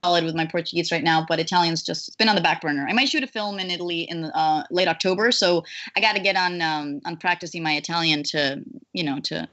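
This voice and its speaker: A woman voice actress chatting as an interview guest, animated, with lots of fillers and restarts. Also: fairly low pitch, quick pace. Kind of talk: casual interview chat.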